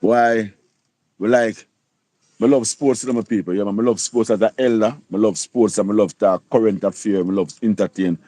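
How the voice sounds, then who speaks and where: A Jamaican man in his sixties hosts a casual livestream chat. His voice is low, warm and mellow, and it sounds dry and close to the mic. He rambles, repeating "you see?" and "you copy?" again and again. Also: steady tone, moderate pace, no echo. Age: 60s. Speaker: livestream host.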